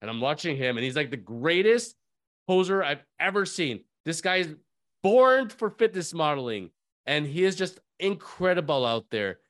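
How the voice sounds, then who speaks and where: A man hosting a podcast, telling a story in a lively way and acting out the people in it. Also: fairly high pitch, moderate pace. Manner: animated, acts out voices in his stories. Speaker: podcast host. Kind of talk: storytelling chat.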